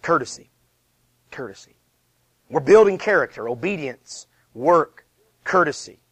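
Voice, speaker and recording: A man's voice: a little high, unhurried, breathy edge, no echo. A man in his thirties, a pastor giving a conversational, emphatic sermon full of repeated rhetorical questions. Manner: lively, conversational preaching with self-deprecating asides.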